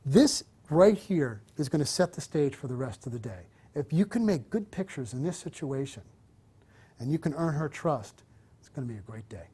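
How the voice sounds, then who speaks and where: Husky-voiced man coaching a photo shoot. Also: mid-range voice, lively intonation, moderate pace, warm tone. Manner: coaching, encouraging, talks to camera and subject by turns. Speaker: wedding photographer instructor. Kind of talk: on-location teaching and directing a shoot. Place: hotel interior, on the move.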